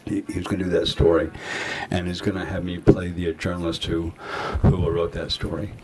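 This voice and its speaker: An older man with a low, fairly flat, slightly mellow voice speaks briskly as a guest actor at a festival Q&A. He tells rambling anecdotes packed with acted-out quotes, and audience noise from the festival hall can be heard.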